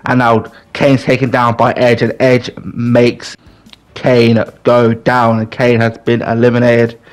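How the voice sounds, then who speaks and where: Excitable man calling a wrestling game. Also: medium pitch, slow pace. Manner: excitable, mock wrestling-announcer play-by-play, bursts into pleading. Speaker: gaming channel host. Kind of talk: excited let's-play commentary.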